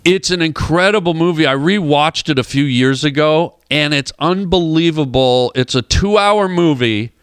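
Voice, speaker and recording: A man's voice: fairly high pitch, moderate pace, hardly any pauses, clean tone, dry recording, clean studio sound. A man, a comedian and actor guest on a radio show, telling rambling comic anecdotes and acting out the people in them. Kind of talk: animated storytelling on a radio show. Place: radio studio.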